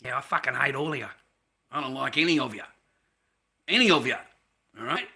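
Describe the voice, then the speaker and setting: A man's voice: mid-range voice, animated, fairly quick, bright, forceful tone. An Australian man delivering a heated, profane ranting monologue, repeating himself and tossing in "mate" between sentences.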